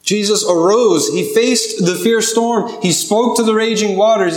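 A man's voice: high voice, animated, measured pace, hardly any pauses. A man preaching a sermon, earnest and building to pleading intensity. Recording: echoey room.

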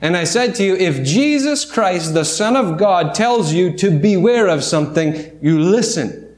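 A man's voice: high-pitched, expressive, measured pace, a little mellow, echoey room. A man preaching a sermon in a church, talking through scripture in a conversational way with restarts and rhetorical questions. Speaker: pastor. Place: church sanctuary.

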